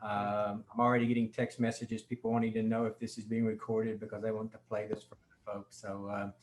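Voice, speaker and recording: A man hosting a convention session over a video call, talking in a relaxed, informal way and often pausing with ums and you-knows. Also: lowish voice, slight background noise. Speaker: host running a convention session. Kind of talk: casual meeting moderation.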